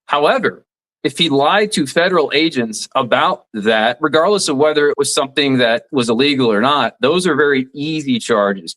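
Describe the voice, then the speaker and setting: Heard on a rough recording, this medium-pitched, slightly bright voice belongs to a man in his forties from southeast Alabama. He's a radio commentator and former attorney offering plain, explanatory legal analysis in a casual interview conversation, with many restarts along the way.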